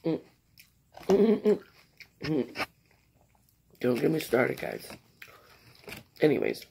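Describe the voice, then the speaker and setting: A tired woman with a raspy voice, chatting casually and rambling between bites in an eating vlog. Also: extremely low pitch, wildly swooping pitch, slow pace, darkish tone, slight background noise. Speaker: mukbang vlogger.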